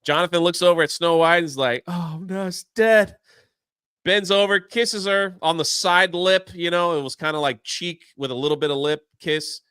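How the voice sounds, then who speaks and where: A high-pitched man with a bright, crisp voice tells a film's plot in a casual chat. He keeps slipping into quick put-on voices for the characters as he goes. The sound is close and dry. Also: no room sound. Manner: animated retelling, acting out characters' lines in quick put-on voices. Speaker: show host. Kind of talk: casual movie recap chat.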